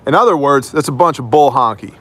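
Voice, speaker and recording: A man hosts his own news program and delivers commentary with strong emphasis. His voice sits at a middling pitch, and he leans hard on key words, turning mocking when he scoffs at a claim. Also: expressive, fast, fairly bright tone. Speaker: host of an independent news show.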